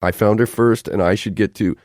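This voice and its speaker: A man's voice: lowish voice, steady tone, darkish tone, dry recording, clean studio sound, voice pushed up, close to an everyday voice. A man voicing a stubborn young woman in an audiobook, swinging between fierce outbursts and tears. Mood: tearful. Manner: emotional, quick-tempered outbursts. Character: fiery, stubborn young woman, tearful and defiant.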